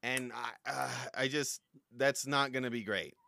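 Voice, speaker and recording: A man's voice: mid-range voice, unhurried, creaky, sharp tone. A young man hosting a casual comedy podcast, rambling through crude jokes and goofy bits. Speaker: podcast host.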